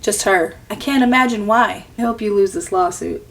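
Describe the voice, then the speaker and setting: A woman's voice: medium pitch, moderate pace, gravelly, fairly bright tone. A woman hosting a reaction commentary video, exasperated, sarcastic and full of profanity.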